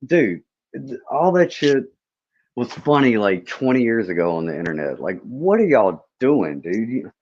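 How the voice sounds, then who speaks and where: A man's voice: mid-range voice, big pitch swings, unhurried, a little mellow. A man chatting casually on a livestream, dismissive and sarcastic, with some swearing. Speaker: livestream guest. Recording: dull lo-fi stream audio.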